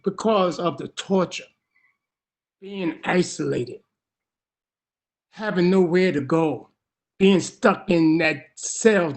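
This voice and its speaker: Impassioned older man giving testimony. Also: sits high. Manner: emotional, rising to urgent pleading. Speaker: public testifier.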